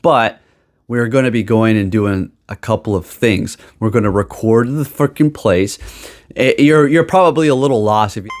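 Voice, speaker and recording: A man's voice: fairly low pitch, normal speed. A young man ranting in a casual vlog, rambling and sarcastic, often restarting his sentences. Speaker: gaming YouTuber. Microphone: desk microphone.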